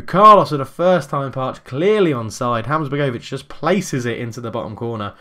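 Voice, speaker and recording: Male gamer, mid-pitched, excitable play-by-play commentary with sudden shouts. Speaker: gaming YouTuber.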